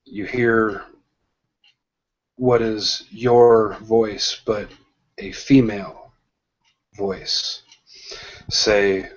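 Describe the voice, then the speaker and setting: A man narrating a tabletop role-playing game as game master, slow and hesitant, with many pauses and restarts. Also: lowish voice, flat delivery. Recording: dull lo-fi sound.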